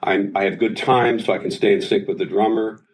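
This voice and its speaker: With a fairly low pitch and a slightly quick pace, a singer in his sixties shares anecdotes as an interview guest in casual talk. He's animated and does voices along the way. The recording is rough.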